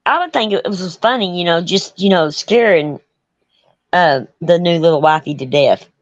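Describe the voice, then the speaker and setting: A woman's voice: on the low side, normal speed, dry recording. A middle-aged woman hosting a casual chat, folksy and blunt, laughing often. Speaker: host. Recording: dull lo-fi sound.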